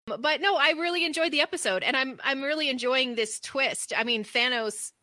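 Bright-voiced woman co-hosting a chat. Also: high voice, moderate pace, dry recording. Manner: chatty, laughs easily. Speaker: co-host. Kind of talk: casual podcast chat.

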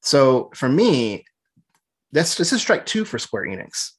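Husky-voiced man ranting about games. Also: mid-range voice, sing-song, unhurried. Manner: rambling, opinionated game critique. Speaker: podcast co-host. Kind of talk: casual chat.

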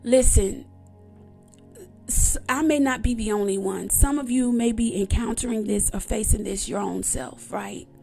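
A woman's voice: a little high, measured pace, vocal fry, darkish tone, faint music behind. A woman giving an emphatic, repetitive personal testimony in a conversational preaching style. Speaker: devotional speaker.

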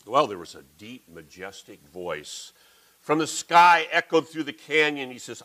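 A middle-aged man preaching a sermon, with folksy, animated storytelling. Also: mid-range voice, unhurried, poor audio.

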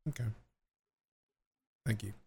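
A man playing a tabletop role-playing game, tossing off quick lines in character. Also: darkish tone, dry recording. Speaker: player.

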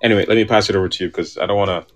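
Man, low voice, casual faith podcast co-host who thinks aloud. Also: steady tone, racing, a crowd in the background. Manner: searching, repeats words while thinking.

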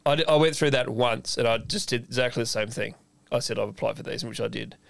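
Animated man telling a story. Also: medium pitch, fast, gravelly, no room sound. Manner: animated storyteller, acts out quoted voices, swears freely. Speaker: podcast co-host, chef. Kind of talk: casual storytelling chat.

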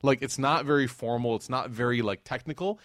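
A man tells a religious story in a relaxed, conversational lecture, breaking off for slangy, animated asides. His voice sits at an ordinary middle pitch. It is recorded dry and close, with no room echo. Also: brisk. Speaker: Islamic lecturer.

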